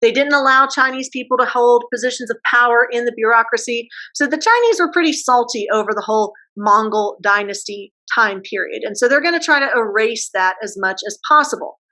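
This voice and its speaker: A woman history teacher giving a casual classroom lecture, posing quick questions and using slang. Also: on the high side, bright, forceful tone, poor audio.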